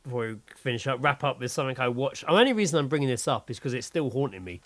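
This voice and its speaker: Laid-back podcast co-host. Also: male voice, medium pitch, expressive, racing, a little hiss or hum. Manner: laid-back, swears cheerfully, repeats words. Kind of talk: casual chat.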